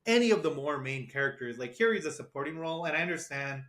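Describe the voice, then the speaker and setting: A man's voice: on the high side, expressive, quick pace, fairly bright tone. A man co-hosting a casual movie review podcast, recapping the plot with lots of laughter and silly quoted lines. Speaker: podcast co-host.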